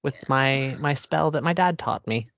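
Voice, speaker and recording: A man playing in a tabletop game, speaking hesitantly and slowly. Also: mid-range voice, gravelly, fairly bright tone. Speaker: player. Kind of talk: casual chat. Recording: dry, dull lo-fi.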